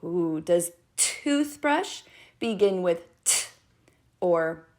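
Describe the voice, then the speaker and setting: A middle-aged woman teaching preschoolers from home, speaking slowly in an encouraging, sing-song manner. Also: on the low side, lively intonation, a little mellow. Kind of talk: video lesson for young children.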